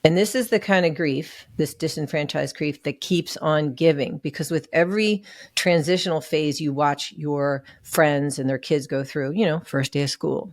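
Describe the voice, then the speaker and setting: A woman's voice: deep voice, dry recording, studio quality. A woman guest on a podcast, sharing a hard personal story in an earnest, emotional way. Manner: earnest, emotional, acts out what others said. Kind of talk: candid personal story in an interview.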